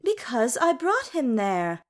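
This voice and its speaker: A woman voicing a wry dwarf queen regent who speaks in a sweetly teasing, lively way. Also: fairly high pitch, slow pace, voice pushed up.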